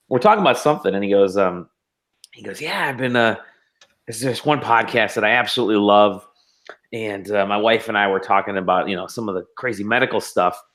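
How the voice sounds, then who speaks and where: A man co-hosting a podcast in casual chat, relaxed, laughing often and raising his voice when he quotes people. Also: on the low side, a little fast. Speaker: podcast co-host.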